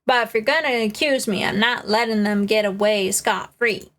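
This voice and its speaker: A woman's voice: medium pitch, moderate pace, a bit bright, natural voice. Woman doing Oldbag, a brash bossy old busybody. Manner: brash, folksy, gossipy. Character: older woman witness, loud, nosy, bossy. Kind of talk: reading game dialogue aloud.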